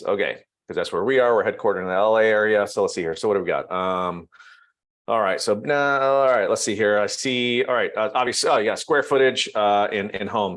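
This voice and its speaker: A man giving a casual live online training, thinking aloud while he types and filling pauses with ums. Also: fairly low pitch, a bit bright. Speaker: real estate trainer.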